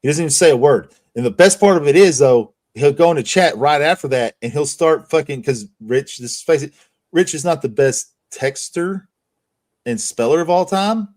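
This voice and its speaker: A man's voice: on the high side, animated, moderate pace, darkish tone. A man hosting a casual livestream chat, swearing freely and laughing through his stories. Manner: profane, laughing storyteller. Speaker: streamer host.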